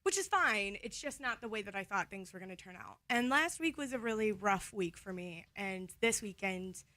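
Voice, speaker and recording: A woman's voice: mid-range voice, expressive, normal speed, pushed and bright, dry recording. A young woman from the Toledo area, co-hosting a morning radio show in casual chat, getting emotional and laughing through tears. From Toledo, Ohio area. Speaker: radio co-host. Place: radio studio. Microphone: studio microphone.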